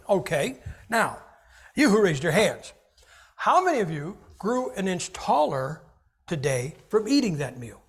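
Lively, joking male preacher. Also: high voice, breathy edge. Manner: animated, jokey, acts out little scenes. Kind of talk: humorous sermon.

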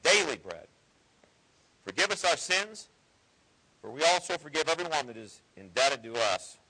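A man's voice: a little high, very animated, normal speed, pushed and bright, husky, low-quality recording. A man preaching a sermon in an earnest, conversational way with folksy asides. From Ohio.

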